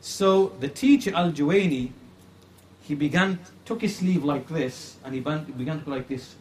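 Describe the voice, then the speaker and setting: Male religious teacher, slightly high voice, earnest and repetitive, faint hiss behind. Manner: earnest, repeats phrases for emphasis, slows to stress points. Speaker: Islamic creed teacher. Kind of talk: religious lecture retelling a classical story.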